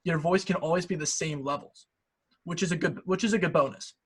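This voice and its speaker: Casting note: young male instructor, husky, higher-pitched, relaxed explainer on a video call. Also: fairly quick. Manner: casual, explanatory, many fillers. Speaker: debate instructor. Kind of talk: online workshop lecture. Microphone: computer mic on a video call.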